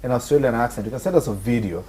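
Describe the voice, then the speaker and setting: A man's voice: medium pitch, racing, a crowd in the background. Man co-hosting a live show. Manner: mixes Swahili and English, animated, reads viewer comments. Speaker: TV co-host. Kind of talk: casual live broadcast chat.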